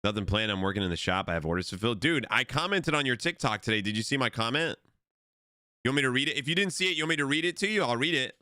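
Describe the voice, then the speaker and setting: A man's voice: mid-range voice, fast talker, sharp tone, no echo, clean studio sound. A young man live-streaming, chatting casually and rambling with lots of swearing while reading out his chat. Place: home streaming setup. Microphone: desk microphone.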